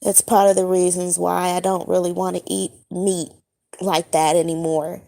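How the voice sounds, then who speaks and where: A woman who has just woken up, recounting a dream in a casual monologue, halting and searching for her words with many fillers. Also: fairly low pitch, flat delivery, vocal fry, dark tone. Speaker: spiritual vlogger.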